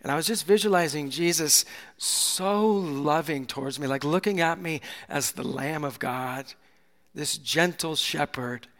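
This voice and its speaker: A male pastor preaching a sermon with passion, swinging from soft, hushed moments to loud, climactic peaks. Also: on the high side, a little slow. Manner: impassioned, builds to loud climaxes, drops to soft near-whispers. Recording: long hall reverb.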